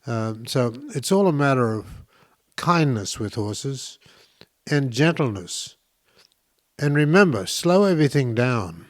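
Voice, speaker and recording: A man's voice: medium pitch, big pitch swings, slow. A man hosting a talk show, explaining things in an enthusiastic, rambling way with many fillers and restarts. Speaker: podcast host. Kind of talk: casual instructional talk.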